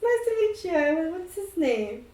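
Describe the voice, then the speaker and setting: A bright, high-pitched friendly ghost, cheery and keen to help, as a woman puts it on for a tabletop game. The voice bounces up well above her usual register. It sounds roomy and a little far from the mic. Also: very animated, normal speed. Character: friendly chatty ghost in a bar.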